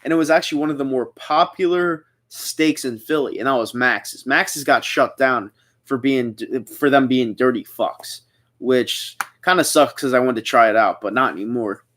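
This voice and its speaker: A young man from the Philadelphia area hosts a casual livestream, his medium-pitched, fairly bright voice moving at a moderate pace. He's chatty and rambling, reading viewer comments aloud and answering them.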